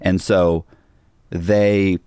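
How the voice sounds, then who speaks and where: Low-voiced man telling a prison story. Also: extremely slow, clean tone, no room sound. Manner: animated storyteller acting out quoted dialogue. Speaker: podcast guest. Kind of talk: storytelling in a casual interview.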